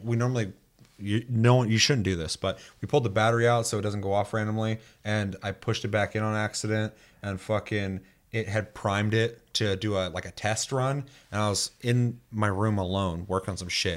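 A man's voice: lowish voice, a little fast. A young man hosting a podcast in casual chat, reading out listener comments, loose and profane, laughing easily. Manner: loose and profane, laughs often, animated when telling stories. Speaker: podcast host.

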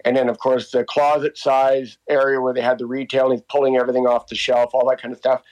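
A man's voice: mid-range voice, little pitch movement, fast, a little mellow, dull audio. A man in his fifties tells stories casually in an interview, rambling with many fillers and restarts. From Canada. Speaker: interviewee, walking tour guide. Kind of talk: casual storytelling.

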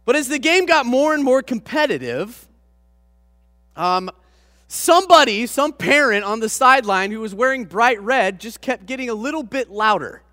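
A man preaching, a pastor telling a personal story to his congregation with animated, self-deprecating humor. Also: very high-pitched, normal speed, no room sound, clean studio sound, long reverb tail. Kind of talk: storytelling sermon.

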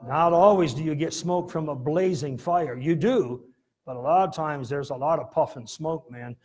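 A middle-aged man preaches a sermon, spinning folksy stories and laughing as he goes. His husky, somewhat high voice jumps to loud bursts at the big moments. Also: normal speed. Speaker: pastor. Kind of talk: storytelling sermon.

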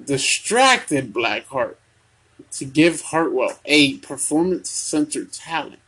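Young male podcast host, unhurried and hesitant, fairly high husky voice. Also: lively intonation, bright, forceful tone. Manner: slow, halting, many ums and restarts. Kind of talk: casual wrestling recap.

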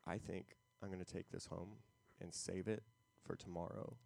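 A man's voice: low voice, steady tone, normal speed, vocal fry, a little mellow. A man chatting casually on a podcast, easygoing and laughing often as he tells a story.

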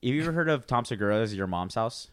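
A man's voice: lowish voice, expressive, fast, no room sound. A man in his twenties, co-hosting a podcast in casual chat, rambling with restarts and acting out what people said. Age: 20s. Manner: rambling, restarts, acts out quoted voices. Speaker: podcast co-host.

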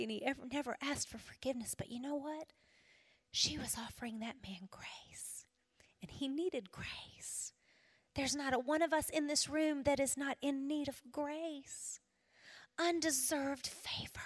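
A middle-aged woman shares a personal testimony with a roomful of women, her voice pitched a little high and carried by the long reverb of a large hall. She tells the story earnestly, sinking to a near-whisper when she drives a point home. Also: slow. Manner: earnest storytelling, dropping to a hush for emphasis. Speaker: women's ministry speaker.

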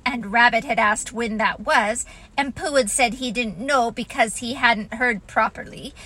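A woman narrating a storybook in a gentle, expressive reading voice. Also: high-pitched, poor audio.

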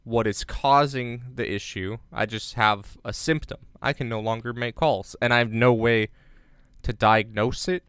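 A man co-hosting a podcast in casual chat, rambling with jokey deadpan asides. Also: medium pitch, measured pace, smooth, no echo, studio quality. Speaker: podcast co-host. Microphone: remote recording on separate devices.

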